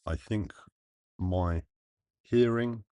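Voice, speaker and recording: Low-voiced man thinking aloud, halting. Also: mellow, dry recording. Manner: halting, earnest, with pauses and restarts. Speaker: live streamer. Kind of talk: thinking-aloud livestream monologue.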